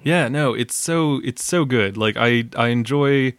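A man's voice: mid-range voice, unhurried, fairly bright tone. A young man hosting a casual film podcast, chatty and self-mocking, laughing often. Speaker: podcast host.

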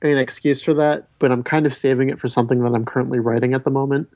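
A man's voice: mid-range voice, fairly even intonation, fast, darkish tone, no room sound. A man hosting a casual film discussion podcast, rambling and often restarting his sentences. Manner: rambling, self-interrupting, stammers on restarts. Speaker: podcast host.

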